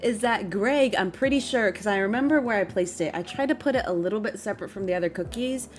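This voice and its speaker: This young adult woman talks fast at a medium pitch as she unloads a story on her stream chat. Her exasperated, lively rant is broken up by laughter.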